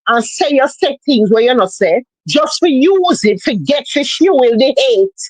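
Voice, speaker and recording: A woman's voice: high voice, animated, a little slow, breathy edge, dry recording, poor audio. Woman, Jamaican accent, emphatic lecturing chatter, close dry sound. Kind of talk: casual livestream chat.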